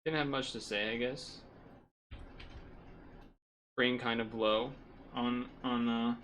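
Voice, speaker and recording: A man talks casually to his stream audience, rambling and correcting himself as he goes. He is hot and sweaty, his voice sitting at an ordinary middle pitch. A faint hum of room noise sits behind him. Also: takes it slowly. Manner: rambling, self-correcting, relaxed.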